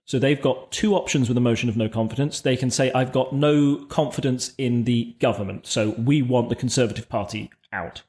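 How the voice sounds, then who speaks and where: A man co-hosting a podcast, explaining political events in a measured, conversational way with frequent restarts. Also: medium pitch, a little mellow. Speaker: podcast co-host. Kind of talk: casual political discussion.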